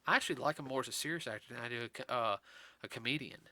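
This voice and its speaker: A man's voice: medium pitch, very fast, sharp tone. A man hosting a podcast, chatting casually about films in a rambling way, full of fillers and restarts, and teasing his co-host.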